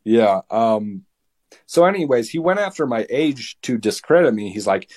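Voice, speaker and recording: A young man in his late teens talks as a podcast guest. He tells his side of a story in a heated, lively way and often stumbles and restarts mid-sentence. His voice sits at an ordinary male pitch. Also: moderate pace. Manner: heated, animated retelling with many restarts. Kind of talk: casual storytelling.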